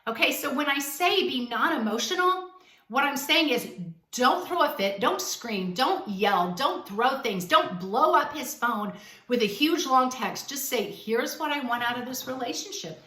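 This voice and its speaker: A woman's voice: high voice, animated, measured pace, bright, forceful tone, reverberant, far from the mic. Woman host, dating advice talk, emphatic and direct, recorded a little off-mic. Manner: blunt, emphatic, acts out quoted dialogue.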